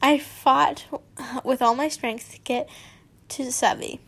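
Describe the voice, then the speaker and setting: A woman's voice: high voice, fairly even intonation, slow, gravelly, a bit bright. A woman reading fanfiction aloud in a casual way, giggling, swearing and tripping over words as she comments. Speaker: fanfiction reader.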